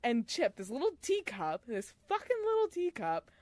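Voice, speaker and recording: A woman co-hosting a podcast in casual book-discussion chat, animated, swearing freely and laughing often. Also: on the high side, moderate pace, no room sound. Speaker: podcast co-host.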